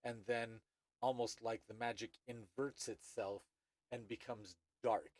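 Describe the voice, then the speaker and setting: A man's voice: mid-range voice, steady tone, darkish tone, no room sound. Male game master, hesitant narration, dry mic, medium voice. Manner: halting, many restarts and fillers.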